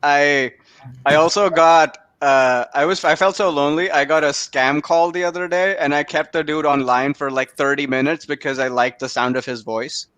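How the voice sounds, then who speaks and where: Young male comedy host from Canada, slightly high voice, rambling self-mocking delivery, laughs at his own lines, dry video-call sound. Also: steady tone, moderate pace, fairly bright tone, clear, resonant tone, no echo. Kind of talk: stand-up comedy set.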